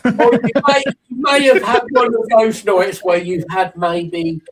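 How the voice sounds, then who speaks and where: Man, podcast co-host, dry teasing banter, lively higher voice, sits back from the mic. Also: unhurried, recorded from a distance, rough recording. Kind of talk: casual chat.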